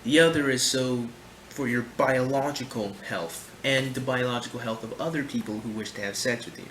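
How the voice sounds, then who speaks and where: A man's voice: medium pitch, normal speed. Rambling man in an echoey room. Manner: rambling, animated, heavy on fillers like "you know" and "my friend". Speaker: channel host reacting to videos. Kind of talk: casual commentary. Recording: echoey room with faint noise.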